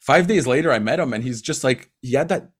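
A man in casual sports chat about hockey, animated, laughing often, with quick asides. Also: medium pitch, breathy edge. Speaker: hockey commentator.

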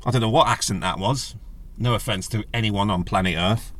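A man's voice: a little fast, no echo. A man hosting a casual solo podcast, chatty and jokey, rambling from one aside to the next. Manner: rambling, chatty and jokey, with animated pitch jumps. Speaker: podcast host.

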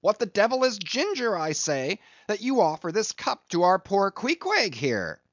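This is a brash old-ship sailor mate, as a man puts him on for an audiobook, loud and mocking, his voice leaping wildly high. The sound is dry and a little muffled. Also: huge pitch swings, no room sound. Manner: loud, mocking, fast-rising outbursts. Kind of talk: audiobook reading.

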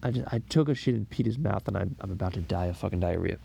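A man's voice: low-pitched, fast talker, creaky, mellow, breathy edge, heavily acted. A man voicing a scheming, foul-mouthed cartoon baby boy in an improvised comedy podcast, crude and rambling with theatrical groans. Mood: groaning.

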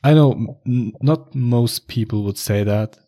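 A man's voice: medium pitch, a little slow, warm tone. A man chatting casually, rambling a little and hesitating with many restarts. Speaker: conversation partner. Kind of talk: casual chat.

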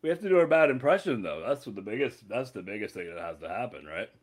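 A man's voice: lowish voice, fast. A man hosting a casual podcast chat, goofy and prone to laughing. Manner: laughs a lot, goofy and animated. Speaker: podcast host.

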